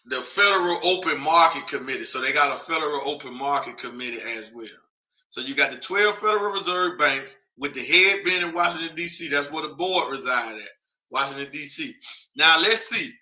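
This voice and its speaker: Male host, casual broadcast, slightly high and very bright tone, chatty, reads aloud as he thinks. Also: a little fast. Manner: thinks aloud while reading a list off a map; speaks directly to viewers, chatty and informal.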